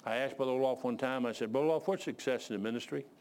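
A man preaching a sermon and telling animated stories, sometimes out of breath. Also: mid-range voice, very fast, a little hiss or hum. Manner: animated storytelling, shouts voices of others.

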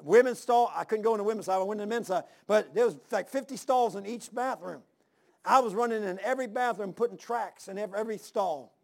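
Gravelly sixty-something preacher, high voice. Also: male voice, fast talker, a little mellow. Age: 60s. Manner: emphatic, repeats phrases, calls amen and hallelujah; folksy, drawls "man" and "ain't". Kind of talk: sermon.

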